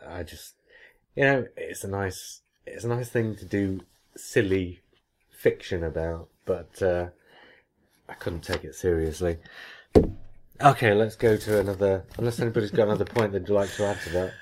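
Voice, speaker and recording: A man's voice: sits low, moderate pace, a little mellow, a little hiss or hum. A man hosting a podcast, chatting casually and reading listener mail with long, rambling explanations. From England. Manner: chatty, explains at length with many restarts. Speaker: podcast host.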